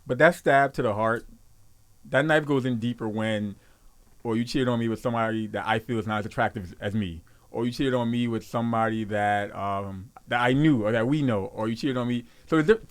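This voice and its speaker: A male podcast guest chats casually at an ordinary pitch. He often stops and restarts as he works out what he means. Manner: halting, lots of restarts and fillers. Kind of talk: casual chat.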